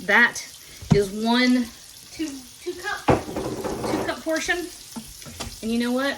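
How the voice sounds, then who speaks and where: A middle-aged woman walks her viewers through a home recipe in a chatty, folksy way. She sounds at ease in her own kitchen, with pans sizzling and clattering clearly behind her voice. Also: a little high, very animated, measured pace, long pauses, noisy background. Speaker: home cooking host. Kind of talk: casual cooking demonstration.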